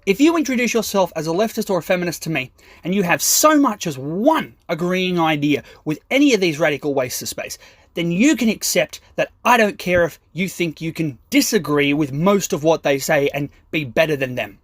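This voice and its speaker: A man's voice: a little high, expressive, moderate pace, dry recording, clean studio sound. A man doing an aggressive, profane stand-up comedy rant, mocking and sarcastic.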